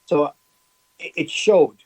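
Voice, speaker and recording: Middle-aged guy, kinda high voice, emphatic, keeps repeating himself, casual interview chat. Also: takes it slowly, a little mellow, breathy edge, poor audio. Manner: emphatic, repeats phrases, many restarts. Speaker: food business owner, guest.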